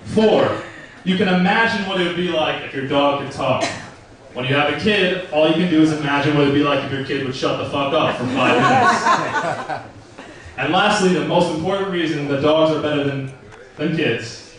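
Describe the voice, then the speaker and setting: Profane young stand-up comic, echoey club. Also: male voice, fairly high pitch, moderate pace, distant mic, a crowd in the background. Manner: crude, profane, casual storytelling. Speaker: stand-up comedian. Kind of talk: stand-up comedy set. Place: comedy club stage. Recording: roomy club recording from afar.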